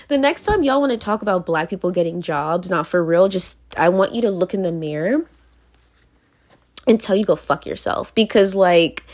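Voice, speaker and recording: A woman from Virginia talking straight to camera in a blunt, profane monologue, repeating phrases for emphasis and laughing between points. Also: mid-range voice. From Virginia, United States. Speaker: vlogger.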